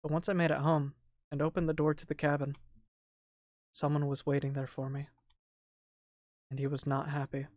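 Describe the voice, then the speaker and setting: A voice actor voicing a lonely, hurt young woman who narrates her day softly in a visual novel dub. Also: medium pitch, level tone, normal speed, long pauses, no room sound, lightly acted. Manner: soft, quiet, subdued narration.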